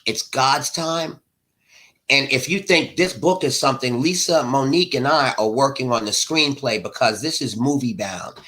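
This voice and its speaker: A man's voice: medium pitch, normal speed, pushed and bright. A middle-aged man, an author being interviewed, speaking with passion in a preacher-like rhythm. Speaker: author guest. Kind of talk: emotional interview talk.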